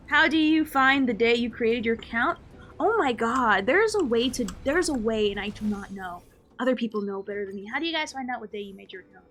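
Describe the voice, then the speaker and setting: A woman live streaming a game, chatting casually with her viewers in an animated, playfully ranting and mock-scolding way. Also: fairly high pitch, slight background noise. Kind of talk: casual gaming stream chat.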